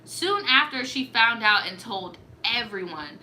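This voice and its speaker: Bright-voiced young woman giving blunt advice. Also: a little high, a little slow, slight background noise. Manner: blunt, profane, animated reactions. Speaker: storytime advice host. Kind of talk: casual storytime chat.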